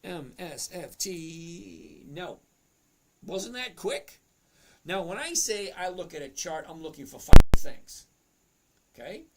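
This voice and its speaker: Gravelly man hosting a trading livestream. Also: high-pitched, big pitch swings, slow pace, noisy background. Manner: chatty, greets viewers by name, explains charts step by step. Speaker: stock trading livestream host. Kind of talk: casual livestream chat reading viewer comments.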